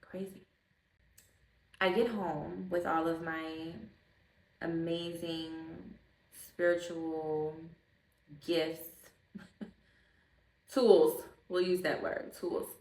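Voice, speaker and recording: Woman vlogger, lowish voice, expressive and chatty, a bit off mic in an echoey room. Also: very slow, long pauses, far from the mic. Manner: chatty, expressive, calls listener baby. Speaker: spiritual vlogger. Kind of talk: casual storytelling to camera.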